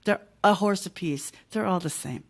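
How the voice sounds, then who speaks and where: A woman's voice: lowish voice, moderate pace, gravelly. A middle-aged woman, a podcast guest, telling stories in casual chat and acting out phone calls in voices.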